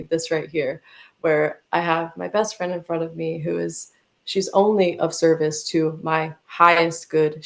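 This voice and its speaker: A low-voiced American woman with a gravelly fry tells a personal story as a podcast guest. She talks vividly and emotionally, leaning on "like" as she goes. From United States.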